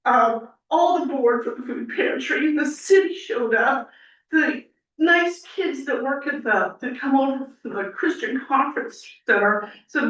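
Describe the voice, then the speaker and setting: Woman, emotional public comment, tearful, rambling, higher voice, distant mic, very echoey chamber. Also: a little slow, fairly bright tone, muffled recording. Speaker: public commenter at a city council meeting.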